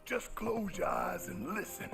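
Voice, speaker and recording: A calm, knowing old sage in a video game. His voice is gravelly and fairly high, and it sweeps up and down with great expression. He speaks in a gently instructive way. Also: unhurried, faint music behind, full character voice.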